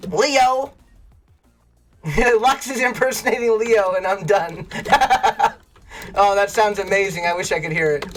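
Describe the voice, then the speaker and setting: A livestreamer chatting casually with viewers, spinning long, rambling anecdotes. The voice sits at an ordinary middle pitch, and laughter keeps breaking into the telling. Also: slight background noise. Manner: laughs often while telling stories; animated, rambling storyteller. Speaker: streamer.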